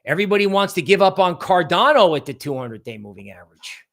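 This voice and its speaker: A man's voice: sits high, very animated, fast, creaky, fairly bright tone. A man hosting a livestream of crypto market analysis. He talks in a loose, rambling way and keeps adding "right?". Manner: rambling, conversational, often adds "right?"; mocks panicky traders in exaggerated voices. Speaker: crypto market show host.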